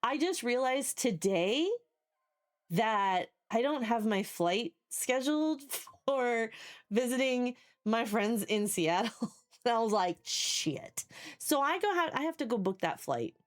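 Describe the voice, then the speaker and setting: This woman's high-side, expressive voice moves a little slowly as she chats with her live-stream viewers from a home basement. The talk is rambling and casual, full of swearing and frequent laughter.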